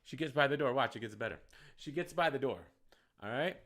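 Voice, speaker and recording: A man from Detroit, a bar manager, telling a heated, profane story that swings from quiet asides to shouting. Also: medium pitch, expressive, brisk.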